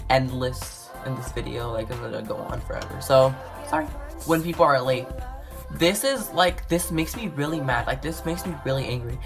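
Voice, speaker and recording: Low-voiced woman ranting casually. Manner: exasperated, rambling, says "like" a lot; swings between loud and muttered. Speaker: vlogger.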